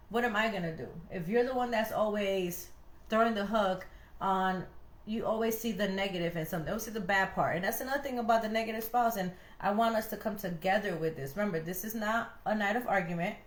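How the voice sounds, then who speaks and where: Speaking at mid-range pitch and a fairly quick clip, this young Connecticut woman co-hosts a podcast recorded in a room with echo. She's animated as she gives laid-back relationship advice, performing quoted voices along the way.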